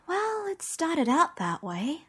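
A woman reading the part of a calm, protective mother in an audiobook, soft and steady. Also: fairly high pitch, normal speed. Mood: soothing.

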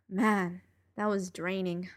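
A woman reading a first-person story aloud in an expressive, emotional way. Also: medium pitch. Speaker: audiobook narrator.

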